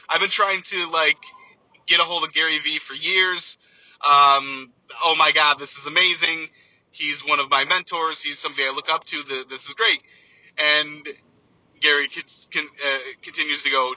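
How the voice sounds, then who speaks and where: A man sharing an earnest, heartfelt personal testimonial with a slightly high, very bright and tense voice. He often restarts his sentences. The recording sounds dull and lo-fi. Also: fairly even intonation, normal speed, dry recording. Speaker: computer teacher sharing a personal story.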